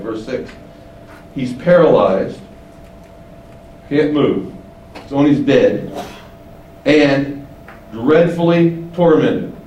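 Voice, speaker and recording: A man teaching the Bible, explaining and asking rhetorical questions, shifting his pitch for emphasis. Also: a little mellow. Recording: echoey room, distant mic, faint hiss.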